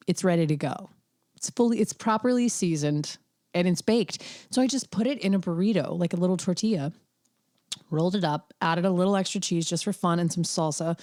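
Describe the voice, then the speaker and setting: A woman's voice: sits low, a little mellow, no echo, studio quality. A woman hosting her own podcast solo, talking in a candid, wry, rambling way with lots of fillers. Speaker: podcast host. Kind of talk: casual solo podcast chat.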